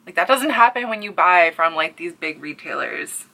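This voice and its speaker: Bright-voiced, breathless Newfoundland woman. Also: fairly low pitch, lively intonation, moderate pace, creaky. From Canada. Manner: breathless and overwhelmed, sighing, dropping to near-whispers. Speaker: crochet artist and small business owner. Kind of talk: excited casual vlog. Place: at home.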